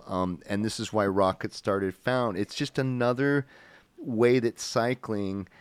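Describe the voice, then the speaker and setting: A man hosts a casual podcast interview on a studio mic, his voice smooth and resonant. The sound is close and dry with no room around it. He talks eagerly, restarting and repeating words as his thoughts run ahead. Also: mid-range voice, no echo. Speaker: podcast host.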